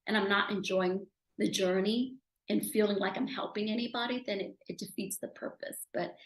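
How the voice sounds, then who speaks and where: A woman guest talks through her journey as a speaker and author in a relaxed interview. Her telling is animated and emotional, and it climbs in volume when she reaches the moments that moved her. The recording has a noticeable roomy echo. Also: moderate pace. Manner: animated, emotional, rising loudly at high points. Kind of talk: conversational interview storytelling.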